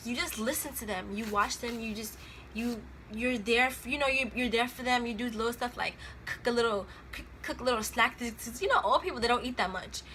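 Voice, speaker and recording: Bright chatty young woman vlogger. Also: on the high side, a little hiss or hum. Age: 20s. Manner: chatty, rambling, laughs often, slangy. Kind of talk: casual chat to camera.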